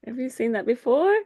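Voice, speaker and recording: A woman's voice: breathy edge, no room sound. Chatty woman hosting a faith call. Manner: chatty, many fillers, acts out quotes in a high voice. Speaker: host of a faith group call. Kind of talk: casual talk to a group.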